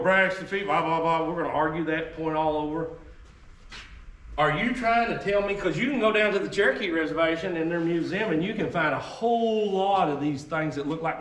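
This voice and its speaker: Folksy man, high bright voice. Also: slight background noise. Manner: folksy, emphatic, drawling asides. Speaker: historical reenactor giving a talk. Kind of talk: informal history talk to a group. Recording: echoey room, voice heard from a distance.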